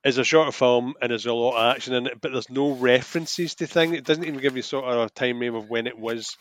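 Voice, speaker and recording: A man's voice: medium pitch, steady tone, fast. A man co-hosting a film podcast, talking in eager, run-on casual chat. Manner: chatty, enthusiastic, talks in run-on thoughts. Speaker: podcast co-host.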